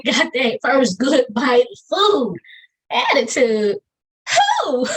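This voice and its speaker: A woman's voice: high-pitched, a bit bright, low-quality recording. A woman with a Southern US accent performing her own spoken-word poetry over a video call, with a rhythmic, emphatic delivery and Southern slang. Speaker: poet.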